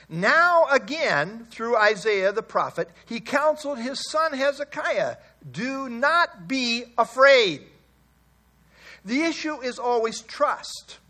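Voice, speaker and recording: A man's voice: high voice, sharp tone. A male pastor giving an expository Bible sermon, earnest and emphatic, often repeating key phrases and chuckling.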